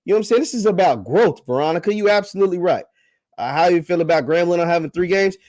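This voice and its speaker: A man hosts a casual livestream chat, reading viewer comments in a slangy, teasing way that swings between loud and quiet. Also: sits high, expressive, fast, no room sound.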